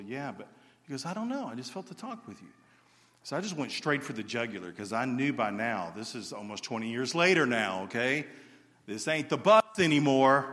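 A man preaching and telling a story in a lively way, acting out the quotes. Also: mid-range voice. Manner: animated storyteller, acts out quotes. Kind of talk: sermon storytelling. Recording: reverberant hall.

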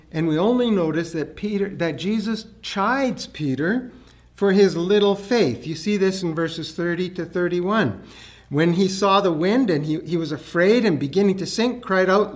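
Slow, high-voiced male preacher. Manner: earnest, rises in pitch and volume for emphasis. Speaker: pastor. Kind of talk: sermon.

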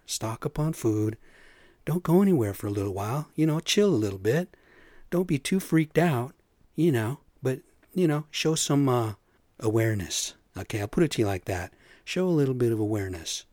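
A man's voice: mid-range voice, darkish tone, dry recording. Man, casual podcast rant, mid-range voice, dry close recording, keeps saying "you know". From US Pacific Northwest. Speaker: podcast host; construction superintendent.

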